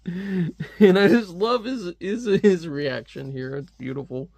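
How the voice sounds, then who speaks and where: A man's voice: high voice, slow, darkish tone, dry recording. A man chatting casually as a comic reviewer, rambling with lots of fillers and frequent laughs. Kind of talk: casual commentary.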